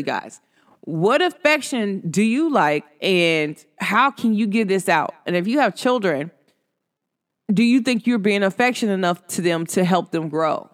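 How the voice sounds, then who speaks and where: Chatty, slangy woman talking to listeners. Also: mid-range voice. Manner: chatty, slangy, asks listeners many questions; laughs while telling stories. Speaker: podcast host. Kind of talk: casual talk to listeners.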